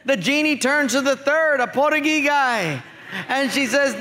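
A male pastor delivers a sermon with an animated, joking storyteller's manner. His voice sits very high and sounds bright and forceful. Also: a little slow.

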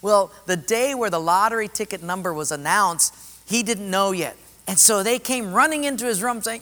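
A man's voice: high-pitched, normal speed. A man preaching a sermon and telling stories, acting out the voices of the people in them. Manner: animated, acts out voices in stories. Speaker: pastor. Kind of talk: sermon with storytelling. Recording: long reverb of a hall.

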